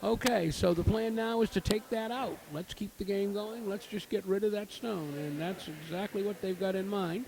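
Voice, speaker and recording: At a curling rink full of crowd noise, a man commentates live, cheering good shots and explaining the game through many fillers. His voice is high-pitched and creaky, moving at normal speed with hardly any pauses on a rough recording.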